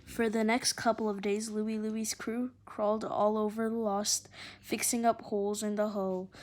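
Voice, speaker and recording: A woman reads a children's adventure novel aloud with expressive, lively delivery. Her voice sits at a typical pitch for a woman. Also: normal speed. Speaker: storyteller.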